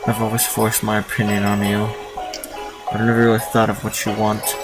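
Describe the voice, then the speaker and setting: A man reading as a gentle, remorseful mother, speaking softly and quietly. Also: on the low side, monotone, moderate pace, lightly acted, low-quality recording. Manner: soft and hushed. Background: game music.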